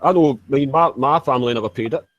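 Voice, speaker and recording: A man's voice: medium pitch, fast talker, dull audio. A man in his forties with a Yorkshire accent, chatting casually over voice chat and swearing freely in friendly banter. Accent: Yorkshire English. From Yorkshire, England.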